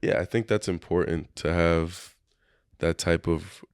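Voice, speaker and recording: Very deep, smooth-voiced man chatting on a podcast. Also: unhurried, no echo, clean studio sound. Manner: relaxed, thoughtful, many "like" fillers. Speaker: podcast co-host. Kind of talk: casual chat.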